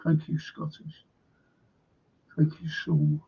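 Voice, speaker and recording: An older man with a Liverpool accent hosts a casual live football chat stream, rambling, blunt and swearing freely. His voice is a little high, gravelly and breathy, delivered slowly and completely flat, over dull lo-fi stream audio.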